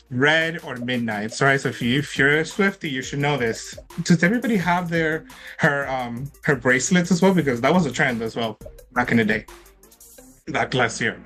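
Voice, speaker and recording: A cheerful man with a slightly raised pitch runs an online trivia game, chatting freely and laughing between questions. Faint music plays quietly under his voice. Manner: upbeat and chatty, laughing often. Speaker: trivia quiz host. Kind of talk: hosting an online trivia quiz. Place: online event with participants in chat.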